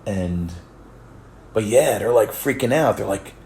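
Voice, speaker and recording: Rambling man with a gravelly voice. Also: on the low side, animated, measured pace, a little mellow, reverberant, a little hiss or hum. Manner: rambling, many restarts and swearing; laughs while telling. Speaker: vlogger. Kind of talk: casual storytelling.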